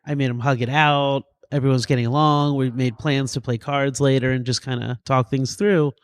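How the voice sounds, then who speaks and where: A man in his thirties, a medic and doctor, tells stories in a podcast interview with a goofy, lively streak and acts out the voices of the people in them. His voice sits at an ordinary middle pitch. The sound is dry and close. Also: moderate pace, clear, resonant tone, no room sound. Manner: animated, goofy storyteller who acts out quotes. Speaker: paramedic and EMS physician guest.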